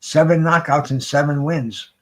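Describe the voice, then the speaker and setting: With a fairly high-pitched voice at an ordinary pace, this man streams commentary on a boxing fight as it happens. He's casual and worked up, swearing a lot, wandering off track, and restarting what he says.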